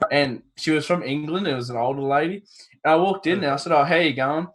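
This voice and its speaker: A man's voice: fairly high pitch, quick pace, a little hiss or hum. A man from Australia, laid-back, telling an anecdote during a casual group chat.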